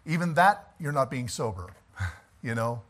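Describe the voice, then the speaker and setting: A middle-aged pastor preaches a folksy sermon in church, chatting conversationally with asides and chuckles before driving his points home emphatically. His voice is mid-range and a bit bright, unhurried, with big pitch swings.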